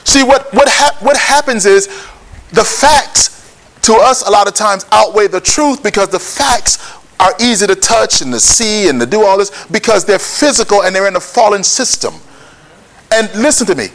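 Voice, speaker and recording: A man's voice: high voice, animated, normal speed, fairly bright tone. A man preaching a sermon, prodding his listeners with questions and pushing them to answer back. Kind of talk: sermon with call and response.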